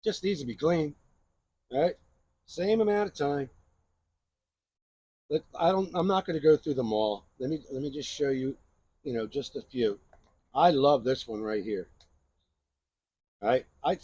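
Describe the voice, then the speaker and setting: Male host, husky voice, casual rambling knife review. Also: on the high side, warm tone. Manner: chatty, rambling, keeps asking "right?". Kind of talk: casual show-and-tell review.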